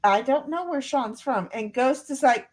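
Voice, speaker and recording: A woman's voice: sits high, moderate pace. A woman hosting a casual livestream from home, reading viewer comments aloud and rambling as she stumbles over repeated words. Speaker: livestream host.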